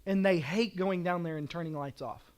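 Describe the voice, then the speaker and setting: A middle-aged man preaching from the pulpit with a fairly high, ringing voice. He builds his points through emphatic repetition and passionate declarations, then drops low to drive them home. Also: moderate pace. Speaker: pastor. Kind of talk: sermon.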